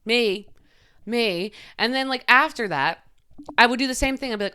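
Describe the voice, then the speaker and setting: A young woman talks through a confessional podcast monologue, open and emotional, dropping "like" all over. Her voice sits a little high and comes across bright and very clear. It sounds personal and unpolished rather than scripted. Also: expressive, brisk. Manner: confessional, heavy use of "like", emotional. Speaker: podcast host.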